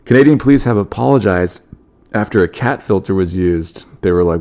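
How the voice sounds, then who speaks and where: A comedy podcast host with a low-ish, darkish voice at normal speed reads odd news stories. He adds wry joking asides and laughs at his own bits.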